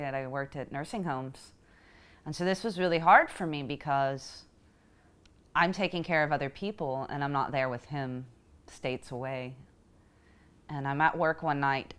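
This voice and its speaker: A woman telling a personal story in a reflective, emotional way, pausing often as she speaks. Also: deep voice, a bit bright, clear, resonant tone. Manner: reflective and emotional, halting with pauses. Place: Houston.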